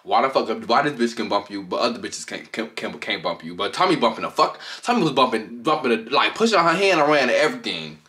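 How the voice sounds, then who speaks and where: A man giving casual reaction commentary as a vlogger, gossiping in an animated, profane way, recorded on a camera on a tripod. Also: medium pitch, fast, hardly any pauses.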